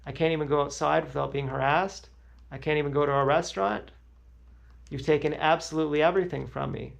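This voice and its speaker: A man's voice: a little high, steady tone, a little fast, creaky, muffled recording. A young man streaming live, talking in a rambling, repetitive and agitated monologue. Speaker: livestreamer. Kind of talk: emotional livestream monologue.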